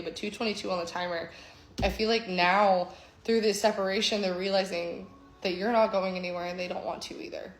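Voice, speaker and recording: A woman giving an intuitive tarot reading, with a flowing, reflective delivery that often checks in with "okay?". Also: lowish voice. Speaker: tarot reader. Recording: echoey room, faint background hum.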